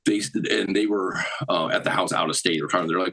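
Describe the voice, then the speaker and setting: A man's voice: sits low, a little fast, few pauses, sharp tone, breathy edge, rough recording. A man retelling case details in a rambling, run-on way.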